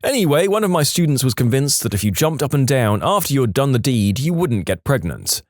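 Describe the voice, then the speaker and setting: A man narrating reader-submitted stories in a scripted, expressive way, slowing down to land punchlines. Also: medium pitch, dry recording, studio quality. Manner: expressive, slows down to stress punchlines. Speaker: storytime narrator.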